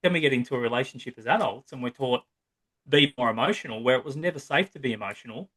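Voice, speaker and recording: Give me an Australian man, somewhere between his thirties and fifties, rambling through a relaxed podcast chat. He speaks at a middle pitch and keeps asking "right?" as he goes. He slips into other people's voices to act out examples. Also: fast talker. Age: 30s to 50s. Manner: long-winded, acts out quoted voices, frequent "right?". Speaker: psychotherapist guest. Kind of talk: casual podcast conversation.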